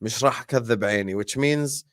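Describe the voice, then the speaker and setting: A man's voice: medium pitch, rapid-fire, fairly bright tone, dry recording, clean studio sound. Emphatic man co-hosting a football podcast. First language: Arabic. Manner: emphatic, rhetorical questions. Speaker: podcast co-host. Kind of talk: casual chat.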